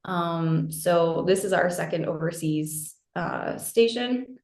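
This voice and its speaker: A friendly American woman chatting as an interview guest, her low voice slightly gravelly with fry. She talks loosely with lots of fillers, heard over a video call in a roomy, echoey space. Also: slow pace, a little mellow. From New Hampshire, USA. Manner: friendly, laughs easily, many fillers like um and like. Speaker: guest, fitness coach. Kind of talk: casual interview chat.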